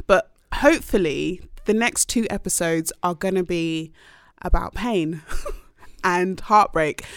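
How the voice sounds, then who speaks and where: A woman's voice: fairly low pitch, no room sound. Woman, 20s, podcast host, chatty and bubbly, dry sound. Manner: chatty, giggly, animated. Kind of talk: casual podcast chat.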